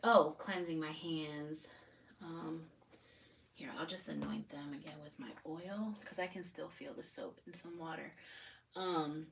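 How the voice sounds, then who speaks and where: Woman tarot reader, rambling and spiritual, low-ish voice, recorded from a distance at home. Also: steady tone, measured pace, creaky. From United States, Maryland area. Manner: rambling, spiritual, addresses viewers directly. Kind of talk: live tarot reading chat. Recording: distant mic with faint noise.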